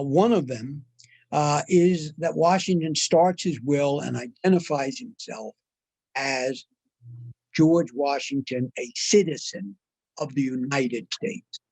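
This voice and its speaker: An older man giving a measured, deliberate history lecture, with frequent "uh" fillers. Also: mid-range voice, gravelly, darkish tone, husky, dry recording, poor audio. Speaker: guest lecturer. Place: online talk.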